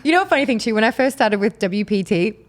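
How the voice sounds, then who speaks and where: A woman's voice: a little high, quick pace. A woman with an Australian accent, chatting casually as a guest and laughing often. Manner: lively, laughs often, restarts words. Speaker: guest, actress and poker host. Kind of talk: casual chat.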